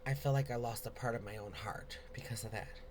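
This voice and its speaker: A man's voice: fairly low pitch, a little fast, noisy background. Rambling, chatty man hosting a live Q&A. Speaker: host answering viewer questions. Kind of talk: casual live Q&A video.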